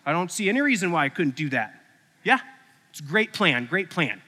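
A man's voice: fairly high pitch, sing-song, fairly quick, bright, forceful tone, full character voice. A man playing a blunt, self-serving ten-year-old shepherd boy in a preaching story. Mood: eager. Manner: blunt and offhand. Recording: echoey hall.

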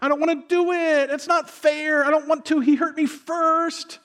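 A whining, toddler-like grown-up voice, as a man puts it on, jumping high above his usual pitch. The tone is petulant and sulky. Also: flat delivery, moderate pace, a bit bright. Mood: whiny.

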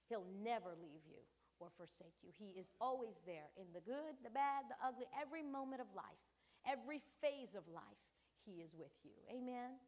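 A woman in her fifties preaching to a congregation, her voice sitting a little high. She tells family stories in an animated way, laughing often and calling out for an amen. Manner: animated storytelling with laughs and call-outs. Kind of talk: sermon.

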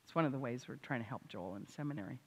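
An older woman, a grandmother and author, preaching a sermon with animated, emphatic delivery. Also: rumbling low, racing, slightly rough. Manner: animated, rising to loud emphatic exclamations. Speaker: Christian speaker and author. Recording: hall reverb.

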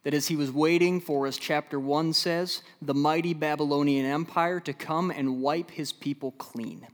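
A Midwestern pastor preaching a sermon in a slightly high male voice. He rises to loud, insistent emphasis and then settles into slow, hushed passages. The sound carries the long reverb of a large hall. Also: fairly even intonation. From American Midwest.

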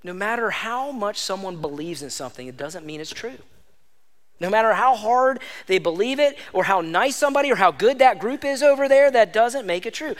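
High-voiced male pastor preaching in a hall. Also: lively intonation, fairly quick. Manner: emphatic, exhorting, repeats lines for stress. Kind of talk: sermon. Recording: long hall reverb.

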